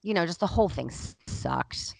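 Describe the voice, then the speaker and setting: Her voice is lowish and gravelly, animated, and moderately paced, captured in a dry recording. She's a podcast host in her thirties telling a personal story in a casual chat, candid and emotional, with heavy use of "like".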